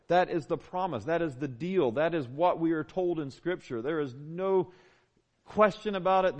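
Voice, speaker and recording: A man's voice: a little high, muffled recording. A man, preaching a sermon as a pastor, conversational and emphatic with repeated phrases. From Southern United States. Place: church.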